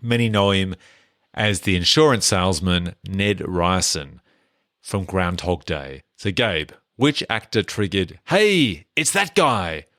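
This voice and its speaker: Low-voiced man running a film podcast. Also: measured pace, fairly bright tone, dry recording, clean studio sound. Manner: runs the segments, wry and joking. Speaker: podcast co-host. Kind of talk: casual chat.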